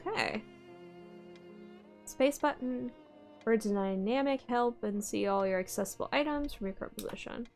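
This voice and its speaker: A woman streamer giving lively, laugh-prone commentary while playing a game live. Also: on the high side, gravelly, soft background music. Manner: animated, quick to laugh.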